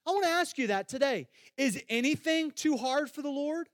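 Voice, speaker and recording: A man's voice: very high-pitched, very animated, normal speed, few pauses, no room sound, studio quality. A man preaching a sermon as a pastor, talking conversationally, putting questions straight to his listeners and repeating phrases for emphasis.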